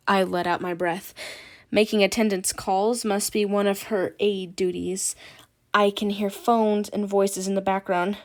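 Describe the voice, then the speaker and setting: Woman audiobook reader, mid pitch, calm even narration. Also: unhurried. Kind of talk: reading a novel aloud.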